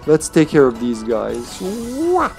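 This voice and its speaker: A man's voice: mid-range voice, lively intonation, measured pace, a little mellow, soft background music. A man chatting playfully and laughing as he plays a game on a live stream.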